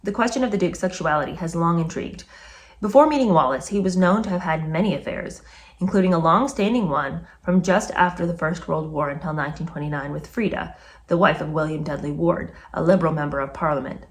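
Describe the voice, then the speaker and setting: A woman with a slightly low voice reads a book aloud for a review. She keeps breaking off with animated, disgusted comments between passages. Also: a little fast.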